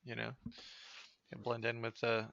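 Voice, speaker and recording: A man's voice: mid-range voice, completely flat delivery, moderate pace, vocal fry, highs cut off, crowd noise. A man co-hosting a casual political podcast, ranting heatedly and swearing often. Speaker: podcast co-host.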